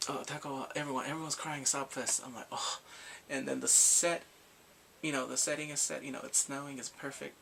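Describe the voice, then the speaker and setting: A man casually recapping a drama for his vlog, animated and acting out the characters' reactions with gasps and laughs. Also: medium pitch, fairly quick, creaky, a little hiss or hum. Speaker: K-drama reviewer.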